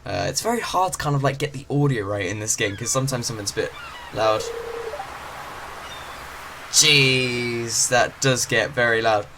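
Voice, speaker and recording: A man's voice: mid-range voice, normal speed. A man giving casual, rambling commentary on a farming game, full of fillers. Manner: chatty, rambling, with many fillers. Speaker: gaming channel host. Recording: game ocean noise behind.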